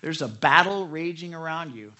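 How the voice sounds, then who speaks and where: A middle-aged man preaching a sermon, candid and self-deprecating, swinging between loud emphasis and soft asides. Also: a little high, animated, moderate pace. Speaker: pastor.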